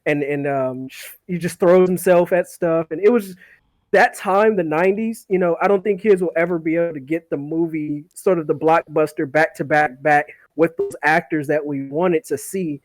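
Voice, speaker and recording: A man's voice: fairly high pitch, normal speed, no room sound. A man hosting a casual podcast chat who rambles, laughs often and repeats his words. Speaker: podcast host.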